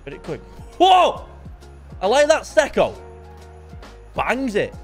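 Excitable man shouting game commentary. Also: unhurried, breathy edge, faint music behind. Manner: excitable, swings from low muttering to shouted outbursts. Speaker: gaming YouTuber. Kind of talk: live gameplay commentary.

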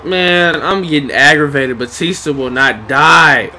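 A man's voice: on the high side, measured pace, noisy background. A man playing a wrestling video game, muttering and swearing at the screen in frustration. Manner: talks to himself and the screen. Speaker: gamer. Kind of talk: casual gameplay commentary.

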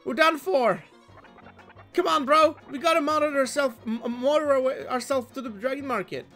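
A man putting on two whiny young slacker bros, panicky, high strained voices, pleading, faint game music behind. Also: normal speed, bright, forceful tone, heavily acted. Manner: whiny, pleading, saying bro.

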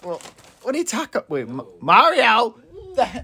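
High squeaky woman yelling in a goofy skit, bright and gravelly. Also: moderate pace. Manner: shouty, excitable. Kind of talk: comedic skit voices.

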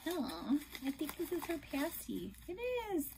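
A young adult woman gushing in a casual unboxing vlog, emotional and effusive, at times dropping to a soft whisper. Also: high-pitched, big pitch swings, measured pace, background noise. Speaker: reborn doll collector vlogger.

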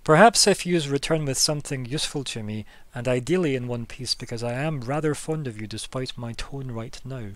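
A man's voice: mid-range voice, no room sound, close to an everyday voice. A man voicing a stern woman city leader. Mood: stern, weary. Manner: measured, formal, cornered but firm.

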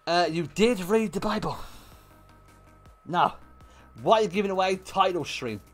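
A young man livestreaming, telling a story to his chat in an animated way with lots of swearing and bursts of laughter. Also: sits high, measured pace, soft background music. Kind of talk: casual storytelling to stream chat.

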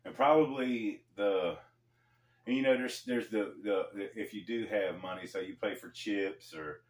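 A man hosting a casual storytelling vlog, talking in a laid-back, slangy way with pauses. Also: on the low side. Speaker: storyteller host. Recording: echoey room, mic far off.

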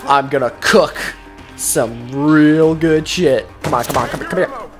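A man doing casual gameplay commentary, jokey and profane, breaking into loud excited outbursts. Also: a little high, unhurried, over music. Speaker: gaming commentator. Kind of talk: casual let's-play commentary.

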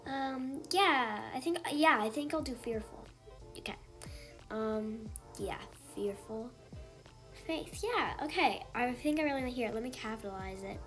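A woman giving casual gameplay commentary in an excitable way, gasping and exclaiming often. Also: high voice, normal speed, faint music behind. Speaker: gaming channel host.

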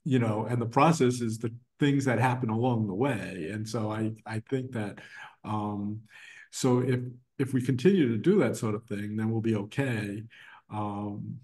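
A man's voice: fairly low pitch, unhurried, darkish tone. A middle-aged man speaking as a guest in a casual interview, rambling with many restarts and fillers. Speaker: guest, designer and art professor. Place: his art gallery.

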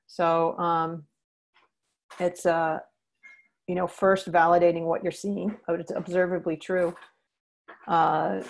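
A woman's voice: fairly low pitch, gravelly, darkish tone. A woman leading a teacher training session, earnestly explaining and acting out what to say to students. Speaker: social-emotional learning trainer.

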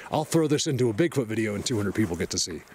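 A man vlogging outdoors on a mountain road, rambling excitedly to his viewers from a helmet camera. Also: on the low side, fast, husky. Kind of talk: casual outdoor vlog.

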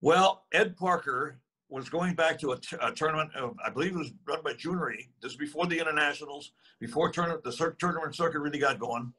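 Husky-voiced man in his eighties. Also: on the high side, fast, hardly any pauses, sharp tone. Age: 80s. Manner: rambling, chuckling storyteller. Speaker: guest. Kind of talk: casual storytelling.

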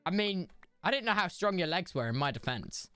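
A man's voice: high-pitched, very animated, fairly quick, sharp tone, clear, resonant tone, no room sound. A young man streaming a game, chatting casually and giggling through playful banter. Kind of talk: casual gaming stream chat.

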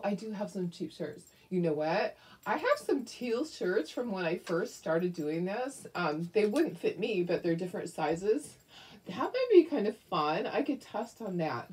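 Middle-aged woman, crafting livestream host, husky low voice, affectionate casual chat. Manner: chatty and affectionate, greets viewers by name.

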